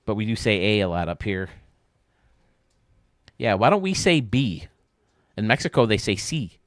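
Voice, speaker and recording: A man's voice: fairly low pitch, sing-song, moderate pace, no room sound, clean studio sound. A man streaming a baseball game, rambling and joking casually with his chat. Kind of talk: casual chat while playing.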